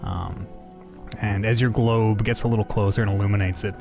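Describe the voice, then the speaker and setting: A man narrating a tabletop game as game master, hesitant and animated, with many pauses and restarts. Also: fairly low pitch, creaky, music in the background.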